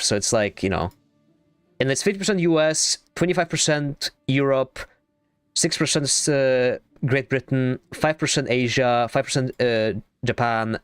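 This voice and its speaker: A young adult man streaming a game, chatting casually in a rambling, excitable way and swearing freely. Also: medium pitch, clear, resonant tone, dry recording. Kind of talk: casual gaming stream chat.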